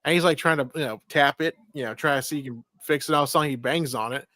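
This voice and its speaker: A man's voice: on the high side, very fast, sharp tone, dry recording, studio quality. A man co-hosting a casual movie review podcast, retelling the plot in a rambling way full of fillers. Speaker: podcast co-host.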